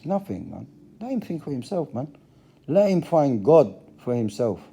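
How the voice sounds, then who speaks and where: A man's voice: medium pitch, very animated, moderate pace, vocal fry, warm tone, slightly rough. A middle-aged man giving a passionate monologue to camera, repeating phrases for emphasis. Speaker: religious vlogger.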